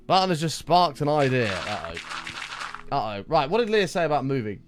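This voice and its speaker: Male game streamer, casual, swears, lively pitch, music in background. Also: brisk. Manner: animated, swears, reads chat aloud. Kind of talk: casual live gaming commentary. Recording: music playing behind.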